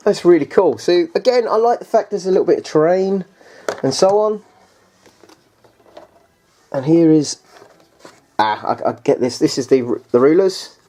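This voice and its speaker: A man with a high-leaning, dark-toned voice chats casually through a tabletop game unboxing. He rambles, hesitates, restarts often, and keeps calling the viewers guys.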